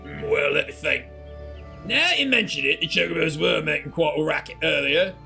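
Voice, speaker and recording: A man voicing a gruff, gossipy male stable hand in a lowered voice. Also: lively intonation, moderate pace, sharp tone, faint music behind, heavily acted. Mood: chatty.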